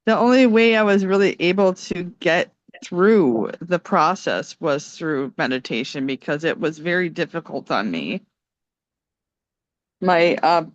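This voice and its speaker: A young woman calmly sharing a personal story on a video call, soft-spoken and quick to laugh. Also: on the low side, no echo. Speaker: meditation group participant. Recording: dry, dull lo-fi call audio.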